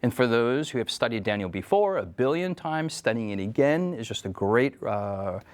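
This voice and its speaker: Male editor co-host, reflective, halting delivery with plenty of fillers. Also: mid-range voice, lively intonation. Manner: thoughtful, halting with frequent fillers and restarts. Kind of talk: casual religious discussion.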